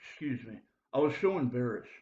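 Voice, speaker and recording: A man's voice: medium pitch, expressive, fairly quick, dark tone. A man giving a rambling confessional monologue to camera, full of fillers and urgent appeals to the listener. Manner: rambling, heavy fillers like dude and bro. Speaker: self-made video preacher. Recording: roomy, dull lo-fi sound.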